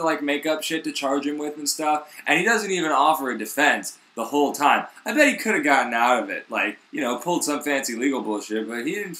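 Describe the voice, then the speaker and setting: A man's voice: on the high side, pushed and bright, reverberant. A young man, the host, retelling a story in rambling, slangy casual talk full of swearing.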